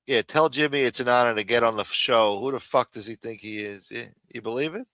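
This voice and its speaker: A man's voice: medium pitch, a little fast, pushed and bright, dry recording. A man hosting a live stream in a casual, profane rant, with many fillers, repeated phrases and muttered asides.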